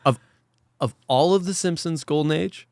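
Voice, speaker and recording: A man's voice: on the high side, normal speed, creaky, a little mellow, dry recording. Ranting man with a dry close sound. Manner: exasperated ranting, swearing, acts out quotes. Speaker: podcast co-host. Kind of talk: casual chat.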